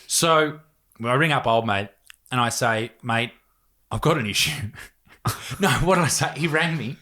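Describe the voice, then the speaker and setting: A young Australian man chatting on a podcast, his voice sitting at a middle pitch. He tells stories in a relaxed, sweary way and keeps breaking into laughter. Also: a little slow. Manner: laid-back storytelling, heavy swearing, laughing through the story. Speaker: podcast host. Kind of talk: casual chat.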